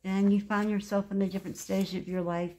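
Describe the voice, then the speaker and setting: A craft vlogger in her sixties walks through her handmade journal in a relaxed show-and-tell, gushing over each page and drifting into side thoughts. She's chatty and meandering, with a middle-range pitch and a slightly fast pace.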